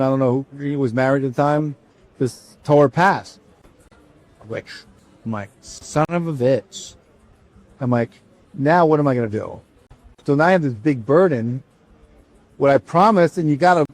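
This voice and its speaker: A man speaking casually, in a voice a little higher than most men's, as he recounts a personal story. He acts out the conversation, voicing each side and often restarting his sentences. The recording is dry and close, with no room sound. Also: no echo. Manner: animated, acts out both sides of a dialogue, restarts often. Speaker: company founder telling his story.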